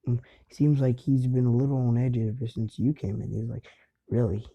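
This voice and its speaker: A man's voice: medium pitch, level tone, fairly quick, creaky, husky. A man casually retelling a fan story off the cuff, rambling and hesitant, with lots of fillers and restarts. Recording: dull lo-fi home recording.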